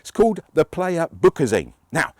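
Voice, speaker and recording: A man's voice: a little high, very animated, normal speed, no echo, studio quality. A man who hosts a channel, chatting casually and enthusiastically to camera as he sums up a car review, with jokey asides.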